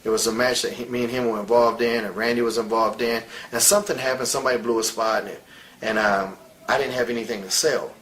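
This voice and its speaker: A man's voice: mid-range voice, fairly even intonation, fast, fairly bright tone, poor audio. A man in his forties in a candid interview, telling stories bluntly, with a lot of swearing and real heat. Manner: blunt, profane, heated storytelling. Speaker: interviewee, wrestler.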